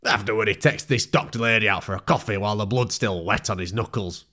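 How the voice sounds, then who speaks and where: A man, narrating a sweary, mocking movie recap in a deadpan way. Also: on the low side, fast talker. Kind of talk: sarcastic comedic movie recap.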